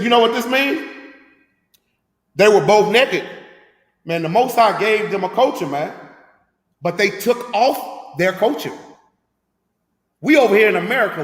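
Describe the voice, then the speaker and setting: A man's voice: sits high, expressive, a little slow, pauses often, echoey room, long reverb tail. A man leading a scripture class, preaching emphatically with rhetorical questions in a street-talk manner.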